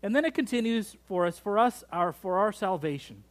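A pastor preaching a sermon in a church, joking and drawing the congregation in. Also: male voice, high voice, brisk. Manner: lively, joking, engages the congregation.

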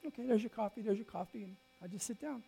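A male pastor preaching to a congregation in a storytelling way. His voice climbs loud and bright in excited moments, then drops to a near hush, with many stumbles and restarts. A faint mains hum sits under the recording. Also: high voice, fast talker, creaky, breathy edge. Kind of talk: sermon.

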